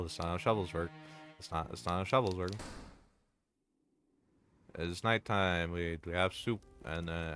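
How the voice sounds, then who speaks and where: A man with a very low voice gives casual commentary while he plays a game. He rambles, repeats himself and jokes crudely. Faint music plays underneath. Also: a bit bright. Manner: rambling, repetitive, crude and joking. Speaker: game streamer.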